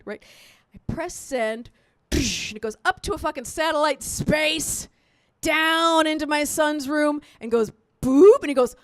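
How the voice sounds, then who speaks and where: A woman in her thirties tells a raunchy stand-up story at a live show. Her voice sits high and leaps all over the place as she chats crudely and keeps checking in with the audience. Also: unhurried, no echo. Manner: animated, chatty, crude storytelling with frequent "right?" and "you know what I mean?". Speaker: stand-up comedian. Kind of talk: stand-up comedy set. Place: live comedy show at a resort.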